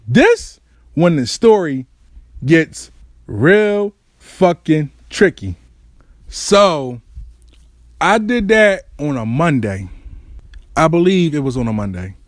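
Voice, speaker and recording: A young man telling a comic personal story, profane and animated, acting out what people said. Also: a little high, takes it slowly, pauses often, no room sound, studio quality. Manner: animated, profane, acts out quotes.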